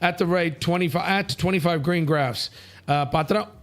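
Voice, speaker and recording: A male talk show host from India reads viewer comments live, blunt and brash, quick to joke and swear. His voice sits a little high for a man. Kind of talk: casual live show chat. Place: studio.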